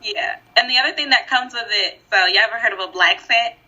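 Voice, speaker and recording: A woman co-hosting a casual podcast discussion, talking in an animated, emphatic way and laughing often. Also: a little high, fast, breathy edge. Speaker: podcast co-host. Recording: dull lo-fi recording.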